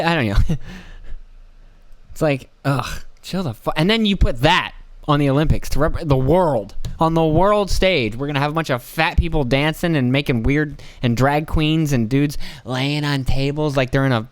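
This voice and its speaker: A man's voice: on the high side, moderate pace, no room sound. A man hosting a solo podcast from home, rambling in a profane, incredulous way. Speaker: podcast host. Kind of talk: casual solo monologue.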